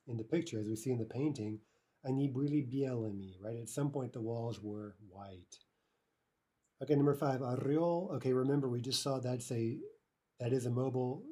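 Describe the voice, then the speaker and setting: A man's voice: medium pitch, warm tone, breathy edge. A man teaching a language lesson, explaining grammar step by step with a patient manner and frequent checks like "right?" and "okay".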